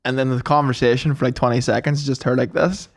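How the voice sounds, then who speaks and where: A man's voice: mid-range voice, little pitch movement. A man co-hosting a comedy podcast, telling rambling stories in casual chat. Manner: fast, rambling storyteller. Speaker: podcast co-host.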